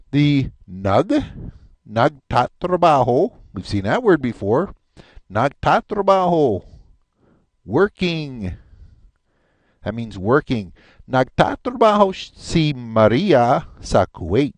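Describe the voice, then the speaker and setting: A man teaching a recorded language lesson, patiently repeating each word slowly with chatty asides. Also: medium pitch, no room sound. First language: English.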